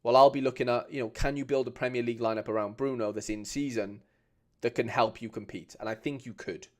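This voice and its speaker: A man's voice: medium pitch, fairly even intonation, fast talker. Chatty man on a live stream. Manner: chatty, informal, reads viewer comments aloud, frequent restarts. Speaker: streamer reviewing fan card collections. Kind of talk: casual live stream chat.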